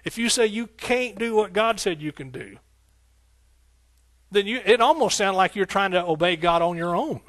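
Male preacher, slightly high voice, dry close sound; rhythmic and fervent, folksy with the flock. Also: lively intonation, normal speed, no echo. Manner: fervent and rhythmic, with repeated phrases and shouts of hallelujah; folksy, talking directly to the congregation. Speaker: pastor. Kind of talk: sermon.

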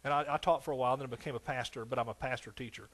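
A man's voice: mid-range voice, steady tone, rapid-fire, a bit bright. A man in his sixties with an East Texas accent, preaching a sermon with fervent exclamations and folksy storytelling. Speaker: pastor.

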